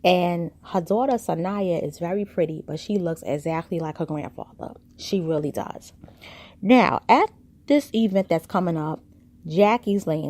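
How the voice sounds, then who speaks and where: A woman's voice: lowish voice, unhurried, a little mellow. A woman casually recapping a reality TV episode, chatty and gossipy, acting out the quoted lines as she retells them.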